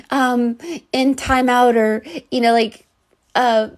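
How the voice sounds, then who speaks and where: A woman's voice: on the high side, little pitch movement, takes it slowly. A woman giving a live psychic reading, earnest and rambling, with many fillers and restarts. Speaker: psychic reader.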